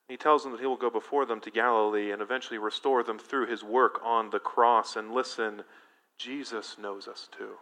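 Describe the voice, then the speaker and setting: A male pastor preaching a sermon in an animated, emphatic way, engaging his congregation directly. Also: medium pitch.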